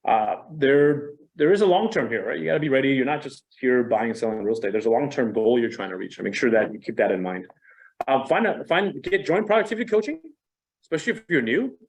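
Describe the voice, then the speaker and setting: A man's voice: medium pitch, expressive, fast talker, poor audio. A middle-aged man giving a casual training talk to real estate agents. He speaks conversationally and animatedly, with a self-deprecating manner.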